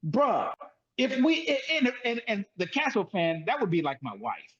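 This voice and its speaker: Animated high-voiced man, lo-fi sound. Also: measured pace. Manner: animated, repetitive emphatic storytelling. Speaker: sports talk show co-host. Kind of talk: casual sports debate.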